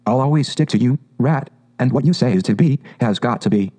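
A man doing a gentle, loyal storybook mole. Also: mid-range voice, fairly quick, natural voice. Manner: gentle, wistful. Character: shy, loyal, eager young male mole.

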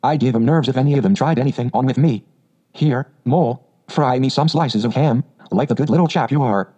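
A man's voice: mid-range voice, a little fast, slightly rough, lo-fi sound, lightly acted. A man voicing a hearty, bold male otter who tells his tale cheerfully. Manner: cheerful, lively storyteller.

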